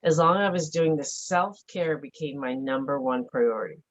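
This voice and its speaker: A middle-aged woman with a low-pitched voice speaks at a normal pace as a guest in a candid conversational interview. She sounds earnest and reflective, leaning often on "like," and the audio is dull and lo-fi.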